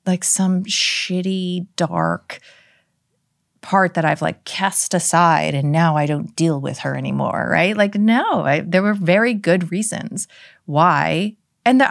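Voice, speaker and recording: A woman's voice: fairly low pitch, vocal fry, no room sound, studio quality. A woman guest on a podcast interview, talking in a loose, reflective way, full of "like" and "right?", with casual swearing. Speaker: podcast guest, psychiatrist and author.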